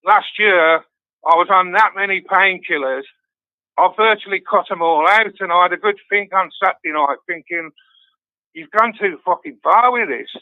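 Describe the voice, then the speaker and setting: A man's voice: sits high, moderate pace, no room sound. A man, talking bluntly and swearing freely on a call, then reading out his own poem. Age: 60s. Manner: blunt, sweary, self-mocking. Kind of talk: casual chat and poem recital on a call. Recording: tinny phone line, dry.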